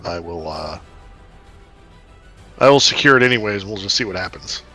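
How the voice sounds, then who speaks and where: A man's voice: low voice, expressive, normal speed, pushed and bright, soft background music. A man playing a tabletop game, easygoing and amused. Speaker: player. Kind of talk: casual tabletop play.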